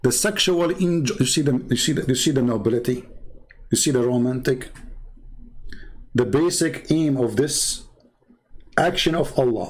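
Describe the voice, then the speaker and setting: A man giving sarcastic commentary while reading from a website on screen, swinging between low mutters and high mocking exclamations. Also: normal speed, pauses often, poor audio. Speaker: religious debater.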